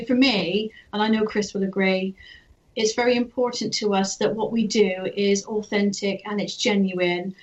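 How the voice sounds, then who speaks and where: A woman's voice: mid-range voice, dull audio. A woman with a Gloucestershire English accent, a clairvoyant guest chatting casually and laughing often. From England. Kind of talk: casual interview chat.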